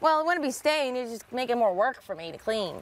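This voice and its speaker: A woman's voice: a little high, very animated, a little fast, slight background noise. A young woman from Florida, chatting and teasing on a boat during a cookout. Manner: playful, teasing. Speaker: fishing channel host. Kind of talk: casual chat. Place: outdoors on a small boat.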